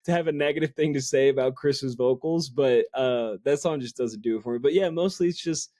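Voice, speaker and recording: A man of middle pitch talks through an album review in a loose, chatty way, circling back on his words. His voice sits close and dry, with no room around it. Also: fairly quick, warm tone, dry recording. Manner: chatty, lots of fillers and self-corrections. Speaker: podcast co-host. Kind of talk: casual music review chat.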